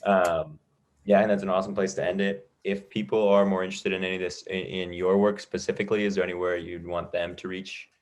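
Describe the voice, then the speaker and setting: Podcast host, male, deep, laid-back, fills with "like". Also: flat delivery, fast talker. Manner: easygoing, frequent "like" and affirming murmurs. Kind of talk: casual interview questions.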